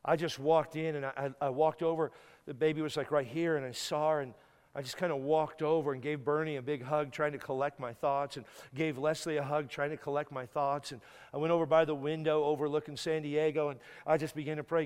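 A guest pastor telling a painful story in a sermon, tearful and halting, stumbling and repeating words as he is moved. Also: fairly high pitch, level tone, darkish tone, clear, resonant tone. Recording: long hall reverb.

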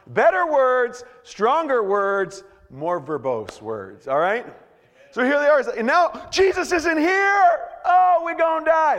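Animated pastor preaching in a reverberant hall. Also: male voice, extremely high pitch. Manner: animated, jokey, acts out quotes with shouts and stammers. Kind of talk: sermon.

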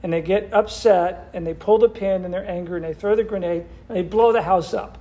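Man with a high voice who teaches a church group by firing questions at them. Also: brisk, dark tone, highs cut off. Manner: asks the group questions, repeats answers back. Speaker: Bible study leader. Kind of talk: interactive Bible study teaching.

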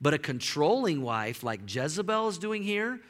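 Middle-aged guy preaching in church, jokey, high bright voice, big echoey hall sound. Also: sing-song, normal speed. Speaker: pastor. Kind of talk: sermon. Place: church sanctuary. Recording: long hall reverb.

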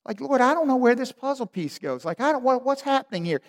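Man playing panicked pleading leader, high strained voice, long hall echo. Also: lively intonation, quick pace. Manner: frantic, bewildered pleading.

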